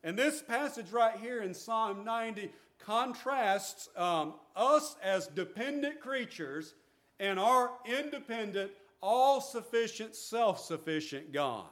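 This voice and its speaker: High-voiced man preaching a sermon. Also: animated, slow pace, fairly bright tone. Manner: earnest preaching with restarts, reads scripture aloud. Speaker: pastor.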